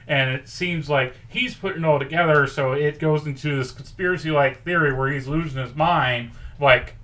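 A man co-hosting a podcast, pitching a story in rambling casual chat and acting out quoted lines. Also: moderate pace, hardly any pauses, sharp tone. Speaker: podcast co-host pitching a movie idea.

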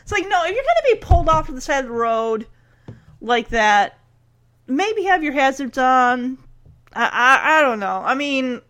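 Chatty, animated woman recapping a sitcom. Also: high-pitched, normal speed. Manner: chatty, animated, acts out quotes. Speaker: show recapper. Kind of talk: casual chat.

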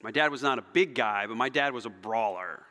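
A male pastor preaching a sermon, telling stories dramatically and swinging between loud emphasis and near-whispers. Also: mid-range voice, a little fast. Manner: animated, dramatic storytelling with shifts between loud and soft. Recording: long hall reverb.

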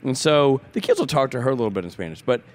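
A man co-hosting a casual podcast chat, a father telling jokey, animated stories about his kids. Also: medium pitch, rapid-fire. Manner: joking storyteller, animated asides. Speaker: guest co-host.

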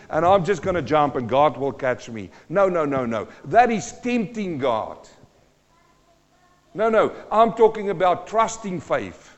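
A man preaching a sermon in a high voice. His delivery is emphatic, with repeated lines and rhetorical questions. The sound is dull and carries a long reverb from the church hall. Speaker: pastor.

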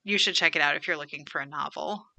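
Chatty woman with a bright, dry voice. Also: sits low, fast, vocal fry, no room sound. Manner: chatty, many "like" fillers. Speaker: podcast co-host. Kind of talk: casual chat.

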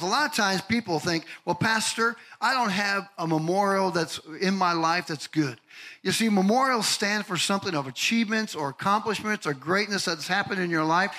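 An older male pastor preaching a lively sermon, telling stories and asking the congregation questions. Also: sits high, rough recording. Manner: animated storytelling, asks the congregation questions.

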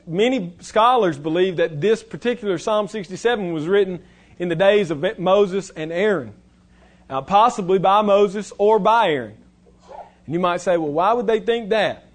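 High-voiced earnest preacher. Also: male voice. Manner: earnest, exhorting, builds to a rising list of titles. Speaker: pastor. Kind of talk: sermon.

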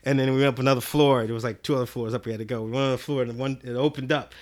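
A man's voice: mid-range voice, rapid-fire. A man telling a story on a podcast in a casual, profane way, acting out what people said. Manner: profane, animated, acts out quotes. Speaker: podcast guest.

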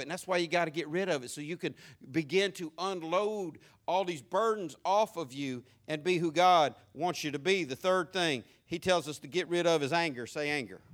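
Animated high-voiced preacher. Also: male voice. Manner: animated preaching, swings from soft asides to shouts. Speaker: pastor. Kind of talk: sermon.

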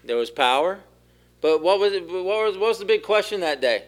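A man giving a sermon as pastor, asking the congregation questions and growing louder at the key points. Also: high voice, animated, brisk. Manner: asks the room questions, rises in force for key points. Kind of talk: interactive sermon.

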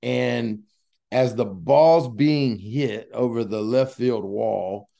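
A man's voice: medium pitch, slow, gravelly, mellow. A man hosting a casual podcast interview, talking in an enthusiastic, rambling way. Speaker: podcast host and coach.

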